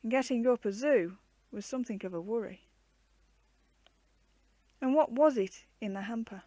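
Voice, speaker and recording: Expressive woman reading a storybook. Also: fairly high pitch, moderate pace, no echo. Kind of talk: reading a children's storybook aloud.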